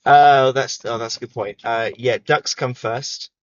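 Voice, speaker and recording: A man's voice: mid-range voice, unhurried. Joking rambling guy hosting a podcast in a car, muffled audio. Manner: jokey, rambling, laughs often. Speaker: podcast host. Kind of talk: casual chat. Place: inside a car.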